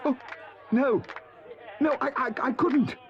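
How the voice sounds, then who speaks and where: A man's voice: extremely high pitch, expressive, takes it slowly, muffled recording, some chatter behind, exaggerated voice. An actor playing a timid male mole who stammers nervously. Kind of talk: stop-motion animation voice acting.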